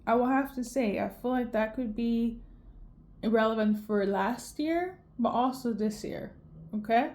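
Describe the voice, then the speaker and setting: A woman's voice: fairly high pitch, unhurried, darkish tone. A tearful woman giving an intuitive tarot reading to camera, emotional and tagging "okay?" onto her lines. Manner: emotional, repeats "okay?" often. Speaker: tarot reader.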